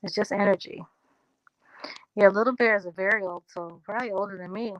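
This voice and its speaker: A woman chats on a livestream, reading out her viewers' comments and answering each one. Her talk is loose and unhurried, drifting into a country drawl. The sound is dry and close, with no room around her. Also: mid-range voice, fairly even intonation, dry recording, lo-fi sound. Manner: talks straight to viewers, reads out comments and answers them. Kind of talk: casual livestream chat.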